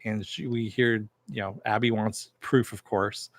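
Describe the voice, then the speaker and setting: Low-voiced man giving a rambling recap. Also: steady tone, unhurried, dry recording. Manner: rambling, loose, lots of "uh" and "you know", jokey asides. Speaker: TV episode reviewer and host. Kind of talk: casual recap review.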